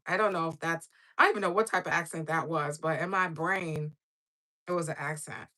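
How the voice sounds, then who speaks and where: A woman's voice: sits low, steady tone, fairly quick, pushed and bright. A woman hosting a casual livestream, rambling with lots of fillers while she does her nails and chats with viewers. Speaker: livestream host.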